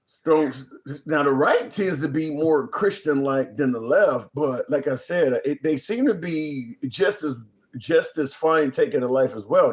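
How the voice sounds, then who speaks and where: A man hosting a live stream, chatting casually with a guest and reading viewer comments aloud. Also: a little high. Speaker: show host.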